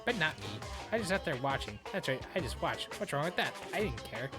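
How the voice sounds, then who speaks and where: A man doing a defensive, excitable young guy. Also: on the high side, a little fast, music in the background, pitched above the performer's own voice.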